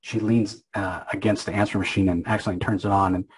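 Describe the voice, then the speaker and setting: A man's voice: lowish voice, steady tone, quick pace, breathy edge, poor audio. A man casually recapping a comic book issue, rambling and opinionated, with lots of filler words.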